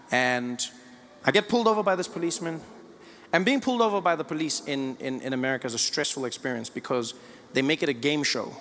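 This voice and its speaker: A man from Africa, a stand-up comedian telling animated stories with stammering asides. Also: fairly high pitch, long reverb tail, a little hiss or hum. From South Africa. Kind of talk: stand-up storytelling.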